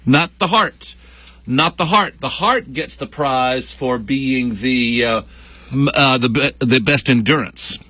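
A man's voice: mid-range voice, takes it slowly, bright, forceful tone, no echo. A man hosting a morning radio show, bantering with his co-host and running promos and trivia. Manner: jokey, chatty, reads promos and trivia. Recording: dry studio mic with faint music bed.

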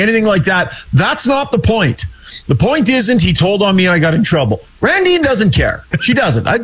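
A man's voice: high-pitched, fairly bright tone. A man telling an exasperated, rambling story in casual chat over a video call. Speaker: hockey podcast co-host and weekly guest.

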